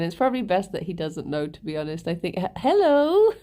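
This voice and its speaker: A woman's voice: lowish voice, wildly swooping pitch, brisk, warm tone. A woman live-streaming and chatting casually with her viewers, laughing often and talking to her pets. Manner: giggly, chatty, talks to pets and chat.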